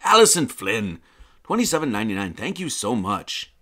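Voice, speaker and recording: A man's voice: fairly low pitch, big pitch swings, normal speed, pushed and bright. A man hosting a livestream, giving a casual lecture in a mocking, slangy way. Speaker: livestream host.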